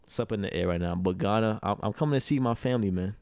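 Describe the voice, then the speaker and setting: A man's voice: fairly low pitch, creaky, clean tone, no echo. Laid-back young male co-host, dry sound. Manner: relaxed, halting, many restarts and "yeah"s. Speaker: podcast co-host. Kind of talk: casual chat.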